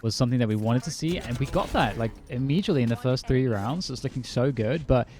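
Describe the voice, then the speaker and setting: A young man casting an esports match play-by-play, brisk and light-hearted, with self-deprecating jokes. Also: medium pitch, a little mellow, faint music behind. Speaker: esports caster. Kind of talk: play-by-play commentary. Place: lives in California, casting remotely from London.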